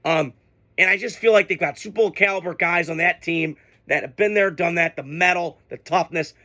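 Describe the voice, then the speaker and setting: A man's voice: a little high, a little fast, sharp tone. A man hosting a sports show, ranting casually with heated, profane, exasperated outbursts. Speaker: sports podcast host.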